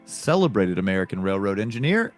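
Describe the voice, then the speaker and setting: A man's voice: fairly low pitch, very animated, brisk, faint music behind. Chatty male podcast co-host. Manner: reads daily history items, chatty asides. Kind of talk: casual chat.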